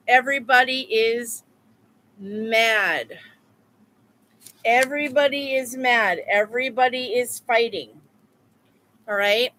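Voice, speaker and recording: Blunt, bright-voiced woman tarot reader. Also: on the high side, slow pace, long pauses, a little hiss or hum. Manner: blunt, repetitive, profane. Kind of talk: live-stream chat with viewers.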